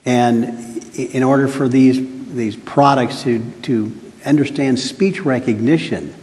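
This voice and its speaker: A man's voice: mid-range voice, a little slow, a little mellow. A man moderating a panel, putting a question to a guest in a chatty, joking way with fillers. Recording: reverberant hall.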